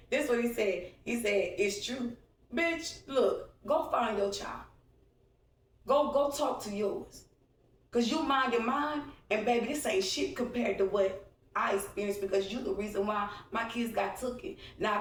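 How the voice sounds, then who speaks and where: A woman's voice: medium pitch, recorded from a distance. Fiery Texan woman ranting in an echoey room. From Texas. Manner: blunt, profane, emphatic, confrontational. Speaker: vlogger. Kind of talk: heated monologue to camera. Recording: roomy echo, speaking from away from the mic.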